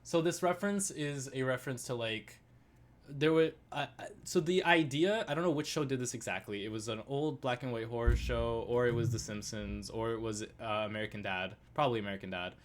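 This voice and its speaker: A man co-hosting a casual review chat, rambling with many restarts and rising into excited rants. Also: medium pitch, a little fast. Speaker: podcast co-host.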